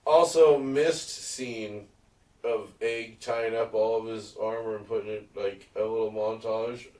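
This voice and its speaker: A man's voice: lowish voice, steady tone, measured pace, a little mellow, reverberant, recorded from a distance, poor audio. A man co-hosting a casual podcast chat, laid-back, making crude jokes and chiming in. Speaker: podcast co-host. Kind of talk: casual chat recapping a TV episode.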